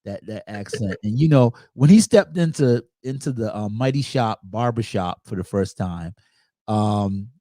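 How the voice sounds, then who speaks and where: A man's voice: fairly low pitch, unhurried, dark tone, no room sound. A man hosting a casual movie review chat, talking in an easygoing way and telling personal anecdotes. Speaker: host.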